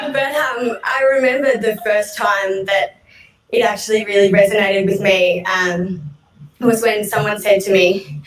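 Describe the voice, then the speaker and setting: A woman's voice: mid-range voice, fairly even intonation, a little slow, long pauses, crowd noise. Australian woman telling a wry story, echoey. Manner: wry, self-mocking humour. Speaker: storyteller on stage. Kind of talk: personal storytelling talk. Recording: echoey room, voice distant from mic.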